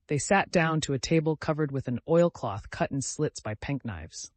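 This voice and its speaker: A male narrator reading a classic novel in an even, measured audiobook style into a close mic. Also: fairly high pitch, dry recording. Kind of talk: scripted narration.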